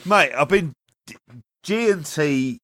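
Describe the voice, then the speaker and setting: A man's voice: on the high side, lively intonation, takes it slowly, a bit bright, no echo. Tipsy swearing man, dry mic. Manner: swearing, laughing, tipsy banter. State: drunk. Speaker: podcast co-host. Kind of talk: casual chat.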